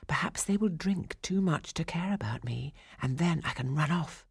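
A woman's voice: low voice, lively intonation, normal speed, gravelly, breathy edge, dry recording, studio quality, heavily acted. A woman voicing a frightened young shepherdess. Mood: secret whisper. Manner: breathless whispers and desperate cries. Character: young captive shepherdess, frightened but hopeful. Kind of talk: storybook audiobook character voice.

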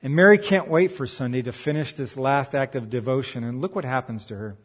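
A man delivering a sermon, swinging from emphatic raised peaks to quiet, earnest asides. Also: medium pitch, brisk, breathy edge, big-room sound. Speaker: pastor.

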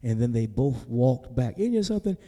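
A pastor preaching a sermon in a folksy, conversational way, building to near-shouts and then dropping soft. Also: male voice, mid-range voice, very animated, a little fast, big-room sound. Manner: folksy, conversational, talks straight to the congregation. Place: church sanctuary.

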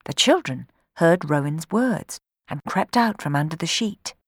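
A woman reading a children's storybook aloud in an expressive way, changing her voice for the characters. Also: deep voice, unhurried, husky, no echo, studio quality.

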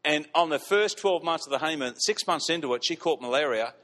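A fairly high-voiced man preaching to his congregation, telling stories with lively emphasis and repeating key phrases. His voice rings out with a long hall reverb around it. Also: a little fast. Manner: animated, repeats lines for emphasis, laughs at his own stories. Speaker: pastor. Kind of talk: storytelling sermon. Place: church hall.

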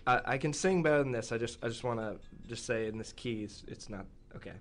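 A man's voice: medium pitch, fast talker, faint music behind. A young man chatting hesitantly as a guest, rambling, and singing his own songs. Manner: rambling, hesitant, soft-spoken. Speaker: guest musician.

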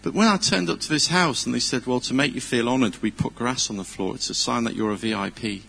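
A man's voice: medium pitch, quick pace, vocal fry, a bit bright, breathy edge. A middle-aged man, giving an informal, chatty sermon full of personal stories, earnest and self-deprecating. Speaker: preacher. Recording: long hall reverb.

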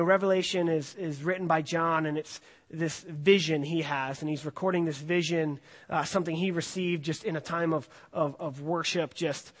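Higher-voiced male pastor in echoing hall. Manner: conversational, with many fillers and restarts. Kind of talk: casual sermon with scripture reading. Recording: long hall reverb.

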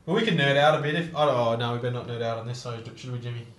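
A young man hosts a loose, casual podcast chat. He gets excitable, swears freely and often breaks into laughter. His mid-pitched voice rings out in a roomy, echoing space. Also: rapid-fire. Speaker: podcast host. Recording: roomy echo.

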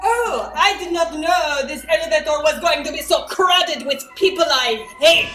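A woman's voice: high-pitched, expressive, normal speed, roomy sound. A woman playing a haughty, jealous woman with put-on airs in an improvised soap parody.

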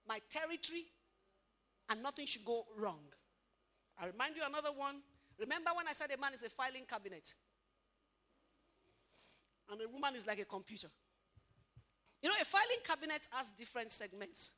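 High, bright-voiced woman speaker. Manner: animated, asks the audience questions, acts out spouses' lines. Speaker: speaker at a couples' marriage seminar. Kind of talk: lively motivational talk to an audience.

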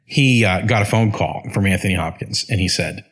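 Low-voiced, wry podcast co-host man. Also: fairly quick, a bit bright. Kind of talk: casual chat.

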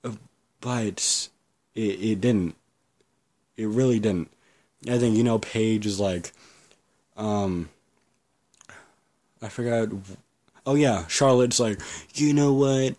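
A man's voice: on the low side, slow pace, pauses often, a little mellow. Blunt ranting man on a podcast. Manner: blunt, ranting, swears freely, frequent restarts. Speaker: podcast host. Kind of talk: casual solo podcast rant.

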